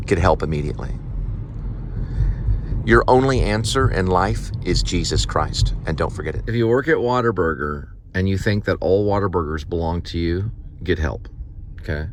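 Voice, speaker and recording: A man's voice: low voice, moderate pace, slight background noise. A man delivering food who talks in a rambling, casual monologue that drifts into preachy exhortations. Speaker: vlogger and food delivery driver.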